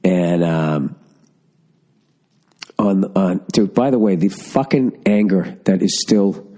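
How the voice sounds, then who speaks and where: A somewhat low-voiced, middle-aged man, his nose audibly stuffed up from a cold. He rants and tells stories into a podcast mic in a loose, profane, animated way. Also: slow. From Massachusetts. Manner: profane, ranting, storytelling, animated asides. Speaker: podcast host. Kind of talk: casual solo podcast rant. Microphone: studio podcast mic.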